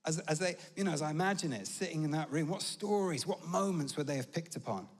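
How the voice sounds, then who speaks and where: British guy preaching, kinda high voice, chatty jokey stories, echoey church hall. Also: fast talker. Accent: British English. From Britain. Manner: chatty storytelling, humorous asides. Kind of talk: conversational sermon. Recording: long church reverb.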